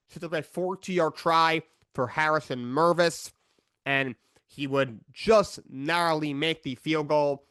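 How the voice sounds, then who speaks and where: A man's voice: on the high side, a bit bright, no room sound. A man hosting a sports show, recapping a football game casually with frustrated, opinionated rants. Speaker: sports podcast host.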